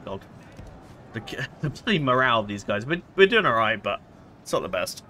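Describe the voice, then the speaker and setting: A man's voice: mid-range voice, big pitch swings, normal speed, pushed and bright, a little hiss or hum. A man giving casual let's-play commentary, rambling and hesitant, full of fillers and self-corrections. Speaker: gameplay commentator.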